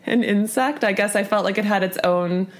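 A woman on a trivia team, musing and thinking out loud with frequent laughs. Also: mid-range voice, normal speed. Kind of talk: casual podcast chat.

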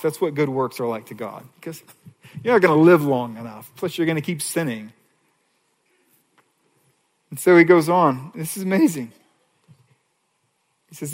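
A pastor preaching an earnest sermon, rising to loud, high passages and dropping to a soft near-whisper on key lines. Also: male voice, a little fast. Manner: earnest preaching with dramatic swings in pitch and volume.

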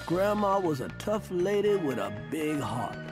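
An actor playing a grown man who tells of his own boyhood in a slow storytelling voice. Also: high-pitched, sing-song. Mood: ominous. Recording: film trailer under loud music.

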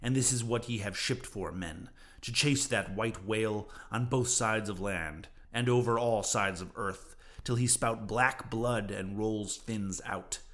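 A man's voice: lowish voice, a little slow, hardly any pauses, a bit bright. A man voicing an obsessed, vengeful old male sea captain in a fervent, declaiming way.

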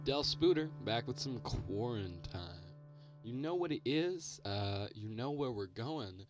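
A man's voice: mid-range voice, animated, measured pace, music in the background. A man hosting a mock radio show, stammering and full of ums and uhs. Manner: hesitant, filler-heavy, stammering. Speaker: podcast host.

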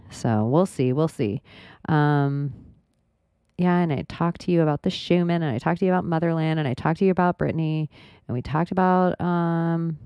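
Woman, podcast host, low voice, rambling, profane, dry close sound. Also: dark tone, no room sound. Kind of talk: casual monologue.

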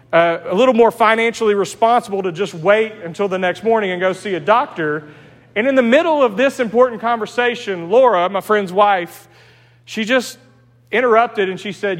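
A man's voice: high-pitched, big-room sound. A man with an East Texas accent preaching a sermon in a church, teaching in a conversational way with personal stories. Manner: conversational, anecdotal preaching with restarts. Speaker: pastor. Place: church sanctuary.

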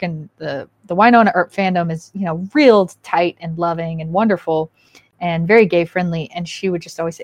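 A woman hosting a podcast in casual chat, a candid and animated storyteller who slips into quoted asides. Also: lowish voice, a little fast, dry recording. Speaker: podcast host.

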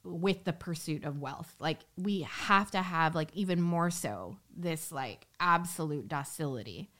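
A woman talking as a podcast guest in a casual, animated way, with lots of "like" fillers. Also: low-pitched. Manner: animated, fast, many "like" fillers. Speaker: guest, Catholic entrepreneur and business coach.

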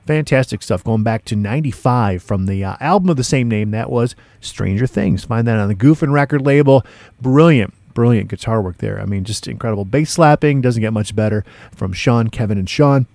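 Gravelly, excitable radio DJ man. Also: medium pitch, a little fast, no echo. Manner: excitable, laid-back hipster slang, many fillers. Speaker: radio DJ host. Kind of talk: casual radio show patter.

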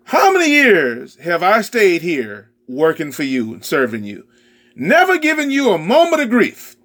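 Brief: preacher puts on a resentful older brother, high voice, slow and aggrieved. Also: male voice, huge pitch swings, a bit bright, exaggerated voice. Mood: indignant. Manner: indignant, cries out. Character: resentful hardworking older son, young man.

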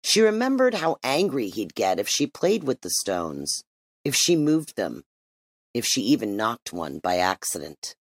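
An audiobook narrator in scripted storybook style, reading with wide, lively swings in pitch. The voice sits in a mid register. It is recorded close to the mic with no room sound. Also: a little slow, dry recording.

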